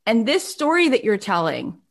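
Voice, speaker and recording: A woman hosting a talk, effusive and praising, with lively swings in pitch. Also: normal speed, gravelly. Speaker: host. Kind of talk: enthusiastic interview talk.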